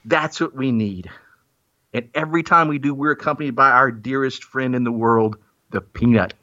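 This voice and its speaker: A man's voice: mid-range voice, moderate pace, pushed and bright. A man giving a playful, theatrical mock-persuasive monologue in a self-mocking way. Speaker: guest making a comic pitch. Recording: muffled lo-fi recording.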